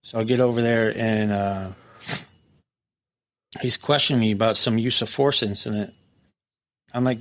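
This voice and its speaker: A man's voice: on the low side, moderate pace, pauses often. A middle-aged man, a former prison captain, telling stories bluntly and profanely in a casual interview. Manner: blunt, profane, lively storyteller who acts out quotes.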